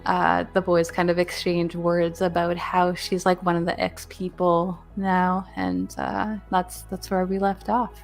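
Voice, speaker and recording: A woman runs a tabletop role-playing game and recaps the story so far. Her voice sits a little low, and she takes her time. She talks in an easygoing way, with lots of ums and likes. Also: a little slow, gravelly, hardly any pauses, faint music behind. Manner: relaxed recap full of fillers. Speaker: game master.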